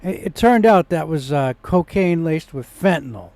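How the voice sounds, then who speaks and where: A man's voice: on the high side, lively intonation, moderate pace, a little mellow. A man telling a personal story in a rambling vlog monologue, with restarts, growing indignant in places. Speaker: vlogger.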